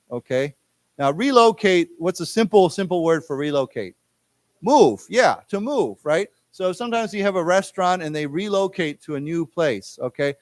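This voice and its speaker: Man, English teacher, patient explaining, slow drilled repetitions, slightly high voice. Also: no room sound. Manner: patient, explains simply, drills words slowly with the class. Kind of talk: classroom lecture. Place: library lecture room.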